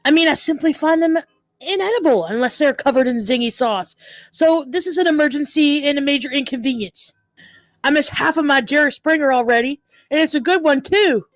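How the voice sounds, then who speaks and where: A high-pitched, entitled customer in a cartoon parody airs her complaint in a prim, fussy, overly formal way, as a woman acts her out. The sound is close and dry. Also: brisk, dry recording, soft background music, natural voice, poor audio. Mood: indignant.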